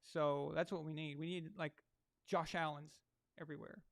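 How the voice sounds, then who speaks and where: A sports livestream host watches a game and rants at it, crude and mocking, full of sarcastic asides. He speaks at a normal speed in a slightly high, level voice touched with vocal fry.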